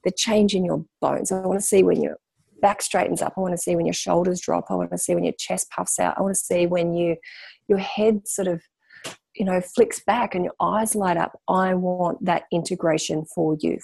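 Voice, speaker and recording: Gravelly, warm-voiced woman coach. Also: lowish voice, fairly even intonation, moderate pace, dry recording. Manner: passionate, emphatic, repeats phrases for stress. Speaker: guest, spiritual coach. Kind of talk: candid podcast interview.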